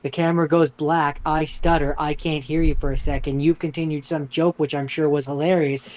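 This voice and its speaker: A man's voice: on the high side, flat delivery, fairly quick, darkish tone. A man co-hosting a podcast over a video call, making dry sarcastic quips. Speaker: podcast co-host. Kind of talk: casual podcast chat. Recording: dull lo-fi remote call audio.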